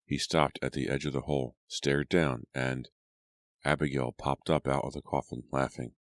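एक आदमी, बहुत गहरी आवाज़ में ऑडियोबुक सुनाता हुआ, सूखी, बिना गूँज की रिकॉर्डिंग।. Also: male voice, a bass voice, no echo. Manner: steady, measured storytelling. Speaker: audiobook narrator. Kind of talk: scripted narration.

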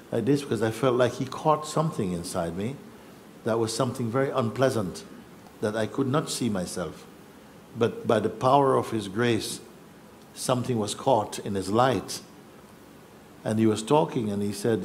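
A man telling a personal story in a reflective, halting way, acting out what others said. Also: on the low side, a little hiss or hum. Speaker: spiritual teacher.

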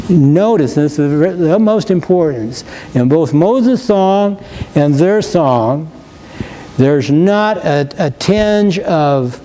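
A man's voice: on the high side, mellow, a little hiss or hum, rough recording. A male pastor giving a sermon in a church, preaching emphatically and reading scripture with rising force. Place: church sanctuary.

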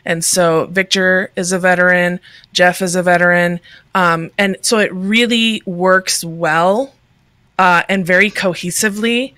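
Bright earnest woman on a call. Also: lowish voice, steady tone, unhurried, no echo. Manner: earnest, conversational, many fillers. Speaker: guest, ministry leader. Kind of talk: casual video-call interview.

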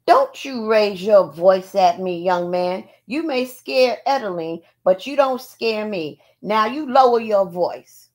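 A woman's voice: on the low side, lively intonation, slow pace, pauses often. A woman reading aloud, voicing a stern older grandmother who scolds a grown man in a commanding tone. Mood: scolding.

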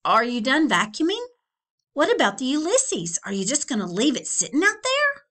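A woman voicing a hungry, whiny middle-aged husband in a storybook read-aloud, calling out loudly. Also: very high voice, slow, pitched above the performer's own voice, exaggerated voice. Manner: loud, shouting, whiny.

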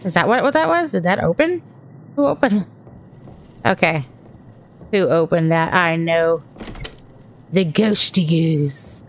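A woman's voice: fairly low pitch, expressive, unhurried, long pauses, a little hiss or hum. A woman from Texas, chatting through a horror game as she plays, thinking aloud and startling easily. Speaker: gaming streamer. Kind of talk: horror game let's-play commentary.

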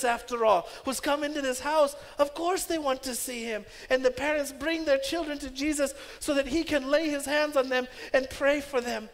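A man pastor preaching a sermon emphatically, with loud stresses that drop into hushed asides. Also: very high voice. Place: church sanctuary. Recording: long church-hall reverb.

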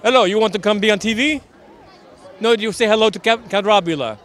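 A street interviewer in the role of a Transylvanian count, who claims to be a businessman, playfully soothes children at an outdoor Halloween parade in broken English. His voice is high and a bit bright, a little fast, with some chatter in the background.

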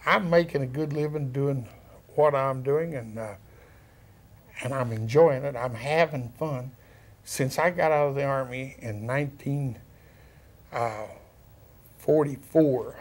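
A middle-aged man with a thick West Texas drawl, talking as an interview guest. He chats in a relaxed, folksy way, drops down-home words and chuckles now and then. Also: medium pitch. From California. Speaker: actor and former rodeo cowboy, interview guest.

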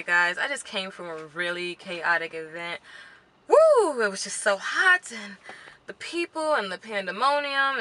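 A woman's voice: medium pitch, bright, forceful tone. A young woman, chatting to camera from her car, emotional and close to tears. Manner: chatty and emotional, near tears, says "y'all" often. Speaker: beauty vlogger. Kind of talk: casual vlog to camera. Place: car parked at a gas station.

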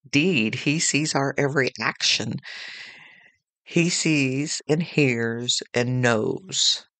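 A woman delivers a devotional podcast talk at an unhurried, measured pace. Her manner is earnest and conversational, and she leans on homely personal anecdotes. The sound is dry and close, with no room echo. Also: a bass voice, fairly bright tone. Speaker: podcast host.

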